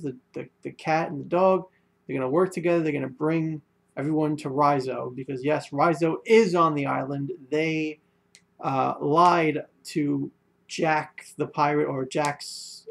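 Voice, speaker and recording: Young male reviewer, casual rambling delivery, gravelly, slightly high voice. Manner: rambling, many fillers and restarts. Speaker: manga reviewer.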